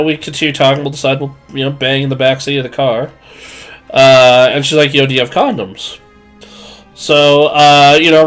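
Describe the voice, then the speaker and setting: A man in his twenties spins a crude, self-deprecating anecdote for his stream, looping back with fillers and asides. His voice sits a little high. Faint music plays under his desk mic. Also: fairly bright tone, clear, resonant tone. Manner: rambling, crude, self-mocking, many fillers. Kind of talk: casual storytelling on stream.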